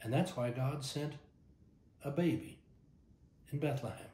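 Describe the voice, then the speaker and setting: A man's voice: mid-range voice, measured pace, roomy sound, slight background noise. An older man from Texas with a Texan accent, a pastor telling stories in a folksy devotional talk, often repeating his first word. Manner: warm anecdotal, repeats words at starts.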